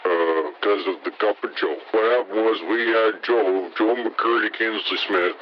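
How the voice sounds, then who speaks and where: A man playing a deadpan small-town tall-tale teller. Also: fairly low pitch, measured pace, lightly acted. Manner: deadpan, plainspoken storytelling. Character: deadpan rural townsman spinning tall tales. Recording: dull lo-fi audio with faint hiss.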